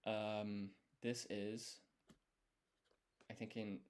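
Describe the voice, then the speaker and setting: A man's voice: lowish voice, level tone, extremely slow. A man thinking aloud as he studies, explaining each step and quizzing himself under his breath. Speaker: language learner streaming his study. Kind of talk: thinking aloud while studying.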